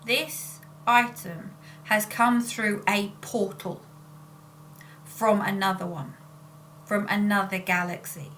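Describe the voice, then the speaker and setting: A woman's voice: mid-range voice, fairly even intonation, slow, a bit bright, slight background noise. Rambling woman vlogging. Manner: rambling and self-interrupting. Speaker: spiritual channeler and vlogger. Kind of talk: casual chat.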